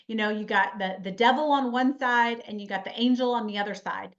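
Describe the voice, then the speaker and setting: A woman's voice: on the high side, brisk. A woman giving an earnest, chatty motivational webinar talk as a life coach, repeating key lines for emphasis. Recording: slightly muffled webinar audio.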